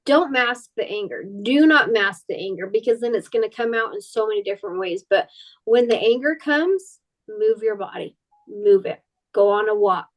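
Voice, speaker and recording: A woman's voice: medium pitch, expressive, moderate pace, poor audio. A woman talking as a podcast guest in candid personal conversation, rambling and earnest, full of "like" and "you know". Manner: earnest and emotionally open.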